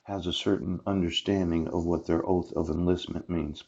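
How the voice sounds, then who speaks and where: A man's voice: low voice, little pitch movement, moderate pace, gravelly, mellow. A man from the United States in a rambling monologue aimed at officials, breaking his phrases with short laughs and a repeated "yes.". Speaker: self-recorded speaker addressing officials. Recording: dull lo-fi sound.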